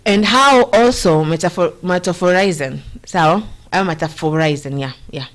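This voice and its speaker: A woman's voice: on the low side, normal speed. A woman with a Kenyan accent hosting a show, giving earnest, rambling political commentary and slipping Swahili slang into her English.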